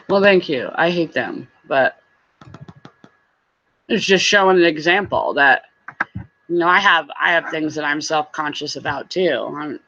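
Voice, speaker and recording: A woman's voice: low voice, lively intonation, a little slow, pauses often, a bit bright, highs cut off, slight background noise. A woman hosting a casual livestream, chatting with viewers and laughing often.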